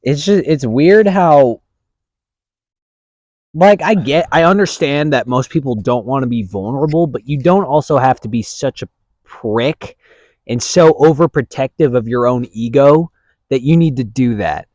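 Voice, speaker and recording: A young man co-hosting a casual podcast, talking in a relaxed, rambling way and laughing easily. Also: mid-range voice, unhurried, dry recording. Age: young adult. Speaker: podcast co-host. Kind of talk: casual chat.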